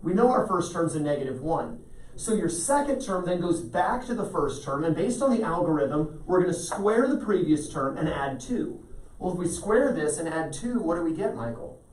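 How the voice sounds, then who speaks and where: A man's voice: fairly high pitch, animated, moderate pace, a little mellow. Guy teaching algebra to a class, patient, step by step, roomy echo, mic kinda far off. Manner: patient, explains step by step, quizzes students by name. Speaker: math teacher. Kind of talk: classroom lecture. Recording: echoey classroom, mic at a distance.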